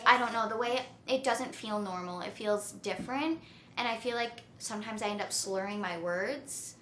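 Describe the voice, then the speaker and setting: A woman's voice: medium pitch, normal speed, a bit bright, reverberant, a little hiss or hum. A young woman vlogging casually at home, chatting and saying "like" a lot as she cooks in her kitchen. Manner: chatty, full of "like" fillers. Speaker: lifestyle vlogger. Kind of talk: casual vlog chat to camera.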